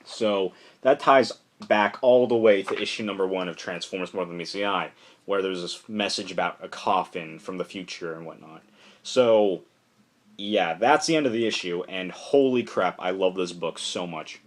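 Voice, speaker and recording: A man excitedly recapping a comic book issue in a casual, rambling way, full of "like" and restarts. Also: low-pitched, moderate pace. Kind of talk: casual enthusiastic plot recap.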